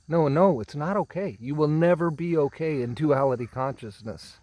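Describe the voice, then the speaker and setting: A man giving a spiritual teaching talk, speaking slowly and emphatically, drawing out and repeating words and often clearing his throat. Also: on the high side, warm tone, no room sound. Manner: slow, emphatic, drawn-out phrasing with repeated words.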